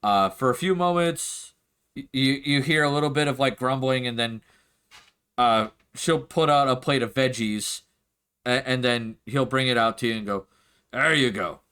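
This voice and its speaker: A man's voice: medium pitch, normal speed, a bit bright, clean tone. A man narrating a tabletop game as game master in a loose, descriptive way, with lots of "like" and "uh".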